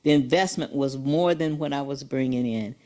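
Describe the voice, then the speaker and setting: Low-voiced woman in her seventies. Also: moderate pace, darkish tone. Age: 70s. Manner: earnest, emphatic storytelling. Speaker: guest. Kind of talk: motivational interview.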